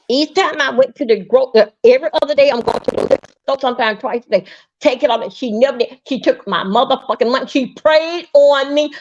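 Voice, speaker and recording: A high-voiced woman vents on a live stream, swearing and circling back over the same grievance. Her anger keeps building as she tells the story. The audio is muffled and lo-fi, like a typical stream recording. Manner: profane, angry, repetitive storytelling. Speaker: livestream host. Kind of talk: heated live-stream rant.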